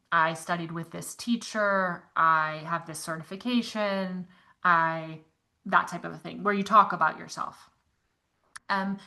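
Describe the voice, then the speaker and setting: A woman's voice: medium pitch, sharp tone. A woman yoga teacher leading a live online class, chatty and encouraging, reading out comments from the chat.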